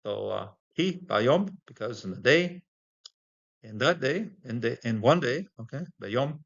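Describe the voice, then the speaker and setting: A man's voice: medium pitch, expressive, unhurried, vocal fry, muffled recording. A man teaching a Bible language lesson informally, explaining word by word with many fillers and the odd chuckle.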